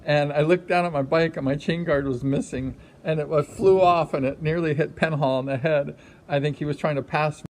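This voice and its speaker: A middle-aged man casually telling a story, rambling with many fillers and acting out quotes with sudden high exclamations. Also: steady tone, brisk, a little mellow. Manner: rambling, frequent "you know, like" fillers. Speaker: livestream host telling a racing story.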